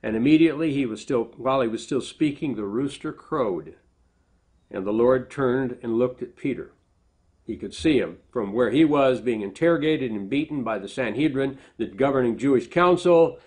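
A middle-aged man preaching a sermon at a medium pitch. He talks earnestly and often stops to correct himself mid-sentence. When he quotes a speaker, his voice rises. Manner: earnest, self-correcting, animated when quoting. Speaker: pastor.

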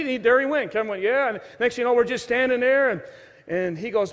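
High-voiced male pastor preaching. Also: fast talker, long reverb tail. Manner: storytelling, acts out quoted voices, shifts from loud to hushed. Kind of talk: sermon. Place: church sanctuary.

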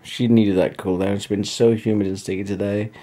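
A tired man talking casually in a daily vlog, relaxed and rambling. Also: fairly low pitch, fairly quick. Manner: relaxed, rambling, soft-spoken. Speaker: daily vlogger.

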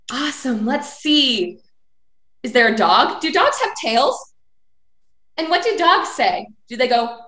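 A woman, a children's librarian, leading a live video session for kids with animated chants, songs and movement games. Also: sits high, a little slow. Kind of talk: kids' story and activity time. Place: home, live video stream. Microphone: video call. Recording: echoey room.

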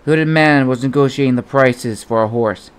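Guy reading an adventure audiobook, steady storyteller voice. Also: mid-range voice, moderate pace, a little hiss or hum. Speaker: audiobook narrator. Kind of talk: audiobook narration.

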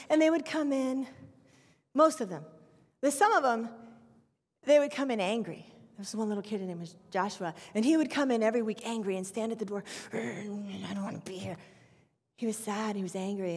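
Woman children's pastor in her fifties, animated testimony sermon, slightly high voice, long church-hall reverb. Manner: animated storytelling with acted prayers. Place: church sanctuary.

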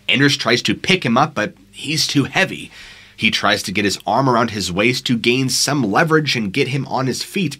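A man's voice: mid-range voice, bright, forceful tone, husky. A man narrating scary true stories in a dramatic, suspenseful storytelling manner on a studio microphone.

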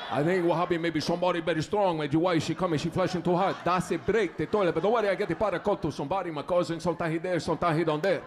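A comedian voicing a building super who rambles loudly in broken English. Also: male voice, a little high, natural voice. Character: fussy immigrant building super man.

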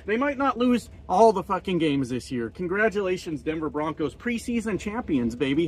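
A man's voice: high voice, sing-song, normal speed, hardly any pauses, a little hiss or hum. A man who drives trucks, ranting casually to his vlog audience in a profane, joking and self-mocking way.

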